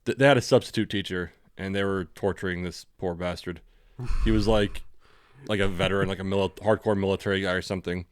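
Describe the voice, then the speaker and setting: A man's voice: deep voice, fast talker, clear, resonant tone, no room sound. Male co-host, General American accent, laid-back and swears freely, dry close recording. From California. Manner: relaxed and profane, loose and rambling. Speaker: podcast co-host. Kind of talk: casual chat.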